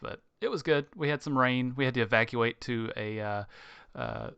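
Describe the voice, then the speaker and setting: A man co-hosting a casual podcast, talking with many pauses and fillers. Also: medium pitch, vocal fry, fairly bright tone, smooth, dry recording, highs cut off. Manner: halting, lots of uh fillers. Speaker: podcast co-host. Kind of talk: casual live podcast chat.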